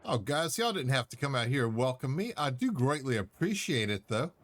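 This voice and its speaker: A man's voice: medium pitch, sing-song, a little fast, fairly bright tone. A man streaming a space game, giving live commentary with self-mocking jokes and easy chatter.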